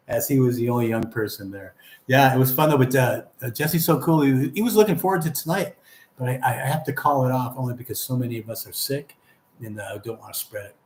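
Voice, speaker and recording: A man's voice: medium pitch, darkish tone, echoey room. A man hosting a casual livestream, reading viewer comments aloud in a friendly, rambling way. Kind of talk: casual live chat.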